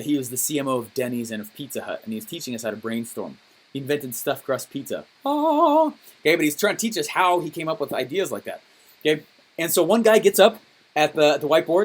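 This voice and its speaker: A man coaching his course members on a call, telling stories with lively enthusiasm and often checking in with "okay?". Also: fairly high pitch. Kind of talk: energetic coaching call with storytelling.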